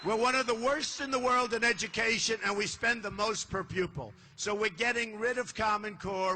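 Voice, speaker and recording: A man's voice: high voice, normal speed, hardly any pauses, bright, forceful tone, a little hiss or hum. An older man from the United States giving a boastful, repetitive campaign rally speech, with punchy phrasing. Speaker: political candidate. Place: large indoor arena.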